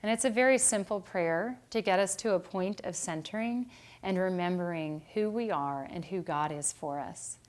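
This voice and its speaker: Woman, middle-aged, Bible study teacher, calm gentle devotional talk, lowish voice. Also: moderate pace. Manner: calm and gentle, growing quieter toward a meditative close.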